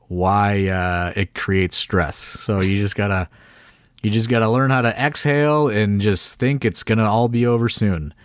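A man's voice: on the low side, no room sound, studio quality. A man co-hosting a podcast, telling backstage stories in a rambling casual way, full of fillers and some swearing. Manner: rambling, filler-heavy storytelling with mild swearing. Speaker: podcast co-host, wrestling promoter. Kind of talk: casual chat.

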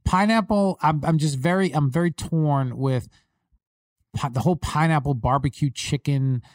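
A man's voice: a little high, normal speed, no room sound, studio quality. A man from Long Island with a New York accent, a podcast host chatting casually and telling stories with emphasis. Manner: lively storyteller, emphatic. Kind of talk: casual chat.

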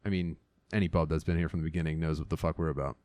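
A man's voice: rumbling low, steady tone, racing, darkish tone, no room sound, studio quality. A man co-hosting a podcast, joking and swearing in casual chat. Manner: profane, joking.

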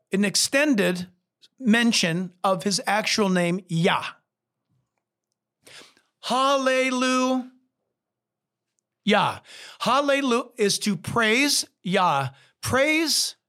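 A man, a pastor, teaching from the Bible in an animated, emphatic way and talking straight to the listener. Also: high voice.

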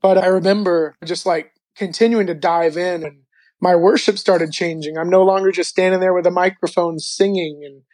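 A man speaks as an interview guest, recounting his personal faith testimony. His telling is animated and loose, with frequent filler words and restarts. His voice is close and dry, with no room sound. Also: high voice, normal speed, dry recording.

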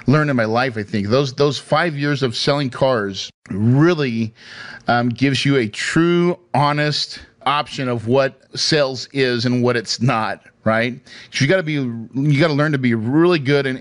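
Man with a mid-range voice, chatty storyteller who checks in with the listener a lot. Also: mid-range voice. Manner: chatty, hesitant restarts, asks "right?" often. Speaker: speaker sharing his career story. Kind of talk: casual personal storytelling.

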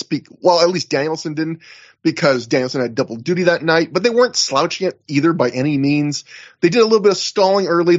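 A man's voice: a little high, muffled recording. A man co-hosting a podcast, chatting casually as he recaps in detail with lots of fillers. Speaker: podcast co-host.

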